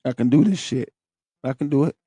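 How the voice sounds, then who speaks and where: A man's voice: mid-range voice, fairly quick, mellow, slightly rough, dry recording, soft background music. A young man hosting a podcast, telling a personal story in a candid, profane, emotional way. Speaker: podcast host.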